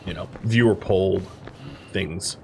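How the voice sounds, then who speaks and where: A man's voice: low voice, slow, gravelly, a little hiss or hum. A man streaming a video game, casually explaining the mechanics with lots of fillers. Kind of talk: casual gameplay commentary.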